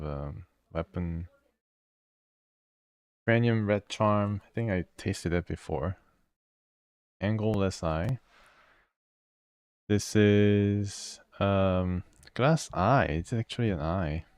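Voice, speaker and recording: A man playing a video game, reading its text aloud and thinking out loud as he goes. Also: sits low, slow, pauses often, no echo. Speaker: gamer. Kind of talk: let's play commentary.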